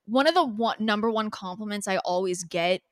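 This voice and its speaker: A woman's voice: mid-range voice, no room sound. A young woman co-hosting a podcast, talking candidly in an emphatic way and swearing freely. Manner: emphatic, swears freely, talks fast with many likes. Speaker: podcast co-host. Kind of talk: candid casual chat.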